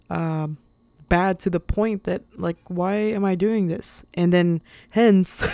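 A woman hosts her own solo podcast, rambling casually and earnestly with plenty of fillers and small laughs, openly emotional throughout. Her voice is lowish and warm, and there's no echo.

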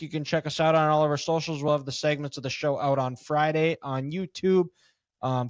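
A man's voice: fairly high pitch, no room sound. A man hosting a casual podcast, laid-back and teasing with dry quips, also reading the show's wrap-up. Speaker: podcast host. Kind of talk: casual chat. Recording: dull, dry, lo-fi podcast audio.

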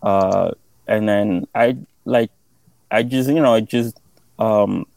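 A man who is an independent artist, a guest speaking modestly and haltingly in a casual interview. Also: fairly low pitch, gravelly, darkish tone, no echo, low-quality recording. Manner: modest, halting, many fillers.

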